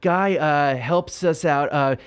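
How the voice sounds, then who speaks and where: A middle-aged man telling stories as a podcast guest. He is excitable, laughs often, swears freely and acts out dialogue. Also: a little high, takes it slowly, clean tone. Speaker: podcast guest, filmmaker and lawyer. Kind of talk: animated storytelling in casual chat.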